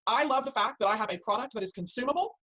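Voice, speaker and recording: A woman's voice: fairly high pitch, lively intonation, racing, a bit bright, rough recording. A woman in direct sales giving an upbeat, persuasive motivational talk to her team.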